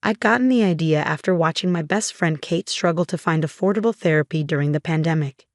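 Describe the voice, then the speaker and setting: A woman narrating a first-person story in a steady, measured way. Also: low-pitched, dry recording, studio quality.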